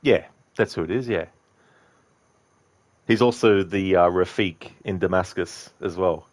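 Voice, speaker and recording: A man's voice: sits low, measured pace, no room sound. A man streaming a game, rambling casually to his viewers, answering them and swearing freely. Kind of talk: casual live-stream chat.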